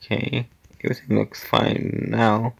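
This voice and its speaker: A man with a lowish, creaky voice narrates his obstacle-course game casually, keeping a level tone and measured pace. He mutters to himself, occasionally whispering and occasionally crying out when things go wrong.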